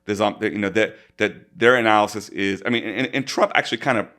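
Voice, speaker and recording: Man, low voice, casual podcast talk, thoughtful, halting restarts. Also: a bit bright. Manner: thoughtful, frequent restarts and repeated words. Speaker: co-host, college professor.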